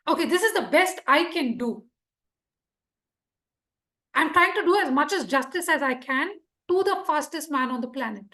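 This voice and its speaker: A woman teaching public speaking to a club, quizzing the room and acting out examples. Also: high voice. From India. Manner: lively, quizzes the audience, acts out examples. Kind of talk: interactive workshop lesson.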